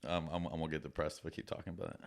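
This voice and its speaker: A man's voice: extremely low pitch, flat delivery, racing. A man co-hosting a podcast, chatting casually and telling rambling stories, swearing often. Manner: rambling storyteller, swears a lot. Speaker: podcast co-host. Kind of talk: casual chat.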